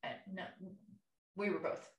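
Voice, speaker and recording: Young woman, podcast co-host, chatty and emotional storyteller, roomy distant sound. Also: unhurried. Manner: emotional retelling with acted-out quotes, many fillers. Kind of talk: casual conversational storytelling. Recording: echoey room, voice a bit far from mic.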